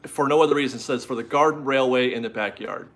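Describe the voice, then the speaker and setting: A man hosts a casual live stream from home, talking fast in a mid-range, fairly bright voice. He is chatty and rambling, reads out viewer messages and is easily amused.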